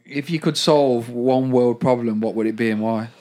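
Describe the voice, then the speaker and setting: A man's voice: mid-range voice, moderate pace, a little mellow. A man co-hosting a casual comedy podcast, putting questions to the others and adding dry quips. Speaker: podcast co-host asking questions. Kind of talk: casual banter.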